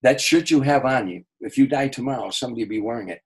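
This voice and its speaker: An older man quoting a famous male singer in slow, measured sentences. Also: medium pitch, voice pushed up, close to an everyday voice. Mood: earnest.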